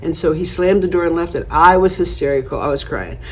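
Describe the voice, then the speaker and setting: A woman's voice: low voice, lively intonation, brisk, slight background noise. Chatty woman in her eighties. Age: 80s. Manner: chatty, rambling storyteller, laughs often. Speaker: beauty vlogger. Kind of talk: casual chat to camera.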